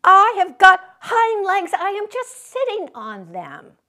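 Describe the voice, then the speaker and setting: High-pitched storybook toy rabbit, timid, pleading, earnest, put on by a woman reader. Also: big pitch swings, slow, fairly bright tone, exaggerated voice. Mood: insistent. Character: small timid velveteen toy rabbit, longing.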